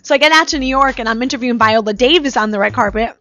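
A woman's voice: a little high, very fast, pushed and bright. A woman hosting a casual talk show, telling stories in a chatty way full of "like" and "you know". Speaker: host. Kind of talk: casual chat. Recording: dull lo-fi live stream audio.

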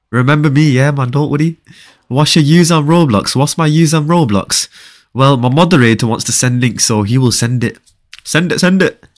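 Young guy on a live game stream, chatty, joking with chat. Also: mid-range voice. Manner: casual, bantering, reads viewer chat aloud.

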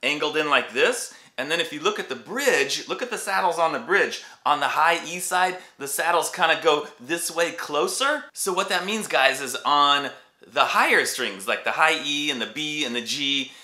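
A man's voice: a little high, lively intonation, normal speed, pushed and bright. A man hosting a casual, enthusiastic guitar review, chatting to viewers as he demonstrates. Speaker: guitar reviewer and YouTube host. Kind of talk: casual product review and demo. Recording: echoey room.

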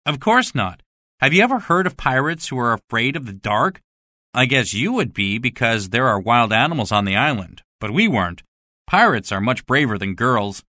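Woman doing a swaggering young schoolboy, low and bouncy, dry close sound. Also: sing-song, moderate pace, sharp tone, no room sound, heavily acted. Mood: boastful. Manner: swaggering, bragging. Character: boastful young schoolboy playing pirate. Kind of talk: storybook reading for learners.

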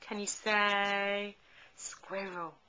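A young mother at home, slowly coaxing her toddler to say words in an encouraging, sing-song way, filmed on a handheld camcorder. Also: mid-range voice, flat delivery, pushed and bright, clean tone, rough recording. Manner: slow, sing-song, encouraging baby talk.

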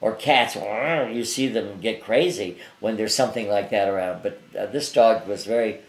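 An older man with a fairly low voice tells stories in a loose, meandering way, stopping and restarting often. He sounds relaxed and chatty as an interview guest. The room around him adds a noticeable echo. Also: normal speed. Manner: rambling, anecdotal, many fillers and restarts. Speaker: psychic guest. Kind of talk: casual storytelling interview. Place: his apartment.

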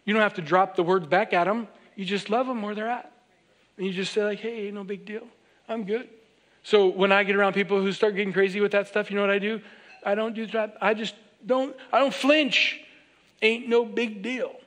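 A pastor with a high, light voice delivers a sermon in an easygoing, animated way. He speaks directly to the people in front of him and keeps checking that they follow along. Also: a little fast. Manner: conversational, animated preaching with repeated direct appeals to the congregation; acts out quoted voices of others.

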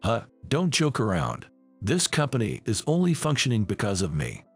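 A man voices a hot-headed young man, indignant and ranting. His pitch swings widely over a gravelly grain. Faint music plays beneath. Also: wildly swooping pitch, normal speed, full character voice. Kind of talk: storybook reading.

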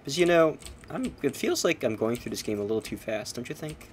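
A man's voice: mid-range voice, big pitch swings, brisk, a little hiss or hum. A man streaming a game, chatting casually with swearing and self-mocking asides. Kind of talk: casual gameplay commentary.

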